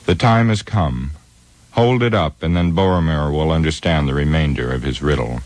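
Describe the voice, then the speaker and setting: A man's voice: extremely low pitch, moderate pace, a little mellow, no echo. A man voicing a solemn, commanding old male wizard in an audiobook reading.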